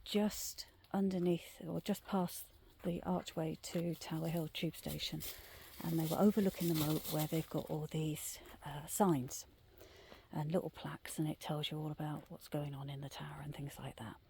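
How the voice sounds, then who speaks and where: A middle-aged woman casually telling ghost stories on a night walk through the woods, often dropping into a hushed whisper. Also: deep voice, steady tone, normal speed, gravelly, a little hiss or hum. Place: woodland trail outdoors at night.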